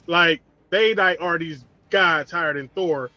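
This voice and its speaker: A man in casual chat, ranting and joking with animated energy. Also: on the high side, measured pace, no echo, highs cut off. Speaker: podcast host.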